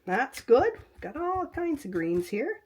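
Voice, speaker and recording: A woman's voice: high-pitched, big pitch swings, takes it slowly, a little mellow, a little hiss or hum. An older woman hosting a casual quilting tutorial from her home craft room on a webcam, chatting and talking to herself as she works, sometimes dropping into a whisper. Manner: chatty, talks to herself while working, drifts into whispers.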